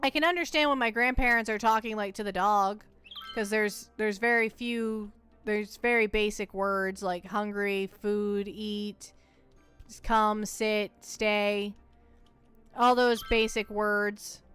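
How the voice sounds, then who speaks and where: A woman's voice: medium pitch, steady tone, takes it slowly, fairly bright tone, clean tone, faint music behind. A woman from the United States chatting playfully and teasingly while livestreaming a game, often repeating words as she goes. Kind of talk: casual gameplay livestream chat.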